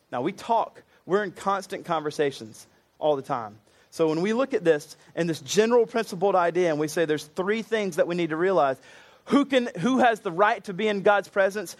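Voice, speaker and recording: A man preaching a sermon, earnest and conversational, with casual asides to the congregation. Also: on the high side.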